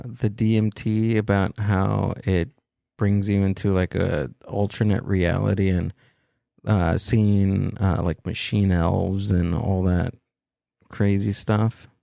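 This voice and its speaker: A man hosting a podcast, asking curious, halting questions in a casual way. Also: lowish voice, fairly even intonation, vocal fry, warm tone, no room sound, clean studio sound. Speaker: podcast host.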